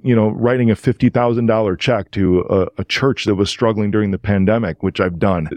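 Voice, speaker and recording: Guy with a lowish voice, podcast guest, animated and emotional, dry close sound. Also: no room sound. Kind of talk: casual storytelling.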